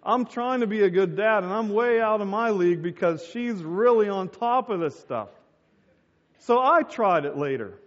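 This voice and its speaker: A man's voice: high voice, animated, moderate pace, in a large hall, highs cut off. A middle-aged man preaching a sermon as a pastor and telling stories with acted-out voices.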